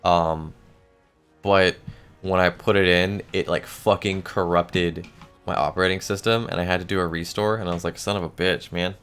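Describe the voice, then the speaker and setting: A man's voice: low-pitched, steady tone, normal speed, a bit bright, clean tone, faint music behind. A male streamer chatting casually while gaming, rambling and swearing casually, with the hiccups. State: has the hiccups.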